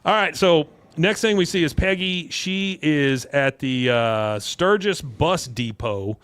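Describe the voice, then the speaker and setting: A man's voice: a little high, lively intonation, slow, fairly bright tone, smooth, no room sound. A man hosting a podcast, recapping a cartoon episode in casual chat with lots of "uh"s. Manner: rambling, with many fillers. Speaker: podcast host.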